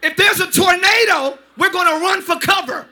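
A man preaching a lively sermon as pastor, often shouting and joking with the congregation. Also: very high voice, moderate pace, a faint crowd. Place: church sanctuary.

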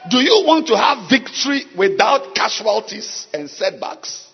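A man preaching a sermon, with long pauses and sudden shouts. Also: sits high, sing-song, husky. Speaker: pastor. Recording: dull sound with long hall reverb.

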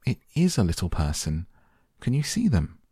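Man reading as a wide-eyed little boy, breathless, pitched up from a husky voice. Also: wildly swooping pitch, moderate pace, mellow, dry recording, studio quality, exaggerated voice. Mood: amazed. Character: awed, eager young boy. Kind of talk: audiobook character voice.

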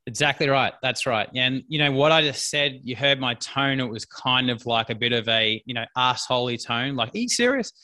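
Blunt, bright-voiced man. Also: medium pitch, level tone, moderate pace, hardly any pauses. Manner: blunt, emphatic, repeats key points. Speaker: business coach guest. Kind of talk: casual podcast interview.

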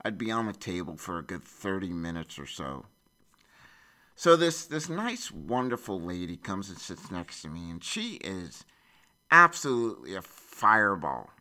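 Lively bright-voiced man in his forties. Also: sits low, measured pace. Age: 40s. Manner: animated retelling with many repeats and restarts. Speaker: storyteller. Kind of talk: personal storytelling.

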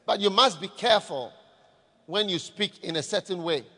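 A man's voice: sits high, moderate pace, sharp tone. A man who is a pastor, preaching a sermon and calling on the congregation for responses. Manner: calls for audience response. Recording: echoey hall reverb.

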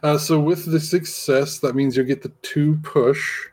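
A man running a tabletop game as game master, talking in a relaxed way with many fillers. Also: a little high, a little slow, husky.

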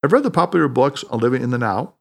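A man's voice: mid-range voice, very animated, fast, gravelly. A man reading a doubtful, defensive skeptic. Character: skeptical adult male doctor. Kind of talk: audiobook character reading.

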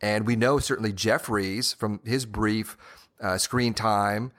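Low-voiced rambling podcast co-host man. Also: steady tone, takes it slowly, fairly bright tone. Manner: rambling, with many "you know"s. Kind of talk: casual TV-show discussion.

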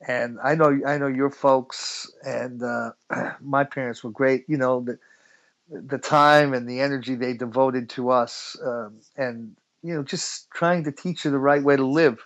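A middle-aged American musician, a guest in a relaxed interview, tells stories chattily and laughs often. His medium-pitched voice is steady and unhurried, in a muffled recording.

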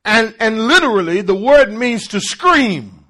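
A man preaching a call-and-response sermon, emphatic and repetitive, swinging from shouts to low murmurs. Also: very animated, measured pace. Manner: repeats and restarts words for emphasis.

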